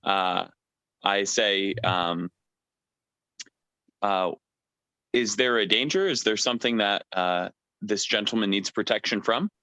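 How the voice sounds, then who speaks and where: A man's voice: fairly low pitch, slow, pauses often, bright, forceful tone, no echo. A man playing a tabletop game, speaking hesitantly with a polite, formal in-character manner. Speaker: player. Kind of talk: tabletop role-play.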